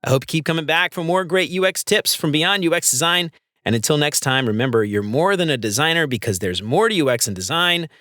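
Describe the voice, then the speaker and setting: A man's voice: a little high, animated, a little fast, pushed and bright, no room sound, studio quality. A man hosting a podcast, reading an upbeat outro with sponsor plugs and speaking straight to his listeners. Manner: upbeat, promotional, addresses listeners directly. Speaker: podcast host. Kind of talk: scripted show outro with sponsor reads.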